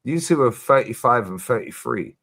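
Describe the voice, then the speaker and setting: A man hosting a casual livestream chat, animated and emphatic, swearing freely and repeating his points. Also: mid-range voice, normal speed, vocal fry. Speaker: streamer host.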